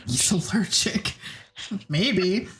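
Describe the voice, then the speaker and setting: A woman's voice: on the low side, lively intonation, drawn-out words, a bit bright. A woman narrating a tabletop game as game master, casual and hesitant with many fillers.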